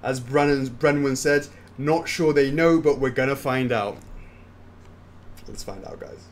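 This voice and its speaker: A man's voice: mid-range voice, measured pace, slight background noise. A man hosting a casual Q&A stream, reading viewer questions aloud and answering them offhand. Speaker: host answering fan questions. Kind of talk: casual livestream Q&A.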